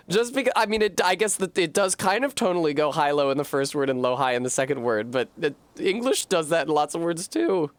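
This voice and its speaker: A man streaming a video game, chatting casually and thinking aloud to his viewers, swearing freely and getting animated. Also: fairly high pitch, fairly quick, no room sound. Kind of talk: casual live-stream chat while gaming.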